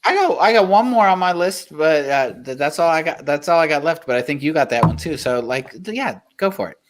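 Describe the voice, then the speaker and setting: A co-host of a live-streamed interview, talking in a relaxed, slangy, laid-back way over a video call. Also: medium pitch, brisk, a little hiss or hum.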